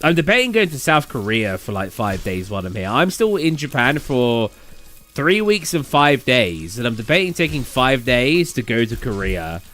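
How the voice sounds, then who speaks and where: A man's voice: medium pitch, very animated, normal speed, fairly bright tone, soft background music. A man with a southern English accent, rambling casually as a gaming streamer who answers his chat.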